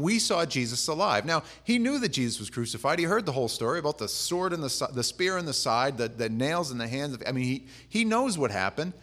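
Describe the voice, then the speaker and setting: A man's voice: a little high, a bit bright. A pastor preaching a conversational sermon in a casual, humorous way, often acting out the lines he quotes.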